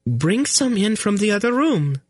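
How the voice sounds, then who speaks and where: A man voicing an exasperated young pregnant queen who talks slowly and distinctly, as if to someone slow. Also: high voice, big pitch swings, no room sound, studio quality, voice pushed up. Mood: patiently bossy. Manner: impatient, speaks slowly and distinctly as if to a fool. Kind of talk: audiobook character voice.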